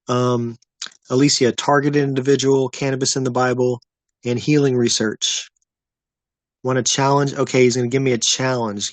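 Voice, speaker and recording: A man's voice: medium pitch, no echo. Laid-back man rambling on a livestream. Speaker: livestream host. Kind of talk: casual livestream chat with viewers.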